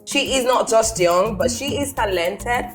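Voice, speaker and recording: A woman's voice: a little high, measured pace, soft background music. A woman co-hosting a morning radio show, keeping things moving with friendly prompts and frequent agreement. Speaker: radio co-host.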